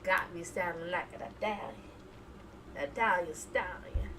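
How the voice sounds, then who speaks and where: A woman's voice: fairly low pitch, a little slow, distant mic, noisy background. A woman hosting a casual live stream, chatting and laughing as she reads viewer emotes aloud. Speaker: reaction streamer.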